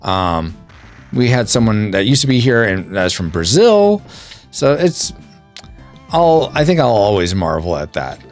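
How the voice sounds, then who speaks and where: A man's voice: on the low side, sing-song, measured pace, faint music behind. Man reading chat aloud while gaming. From California and Colorado. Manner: chatty, reads chat messages aloud. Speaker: podcast host. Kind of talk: casual chat while playing a video game.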